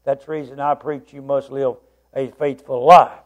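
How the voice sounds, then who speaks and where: A man's voice: mid-range voice, flat delivery, normal speed, muffled recording. A man preaching a sermon in a blunt, emphatic way, reading scripture aloud and stumbling over words now and then.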